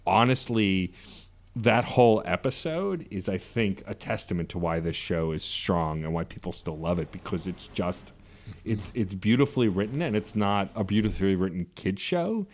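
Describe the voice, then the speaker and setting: A man with a fairly low voice speaks on a laid-back podcast. He thinks out loud, piles on fillers and restarts, and builds his points slowly. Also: expressive. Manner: thoughtful, rambling, lots of fillers. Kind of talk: casual chat.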